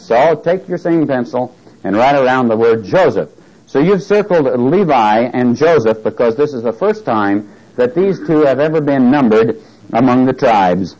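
Male preacher, sermon on an old tape, mid-pitched, quizzes the room, reads scripture. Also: a little mellow. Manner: asks the congregation questions, jokes and reads scripture aloud. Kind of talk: sermon Bible study. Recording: dull lo-fi tape recording.

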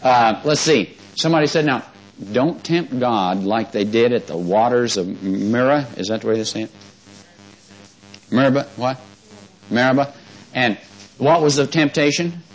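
A man preaches a folksy, conversational sermon built on call-and-response, frequently asking the congregation questions and having them repeat words back. His voice is medium-pitched at a moderate pace, and the poor audio carries faint music behind him.

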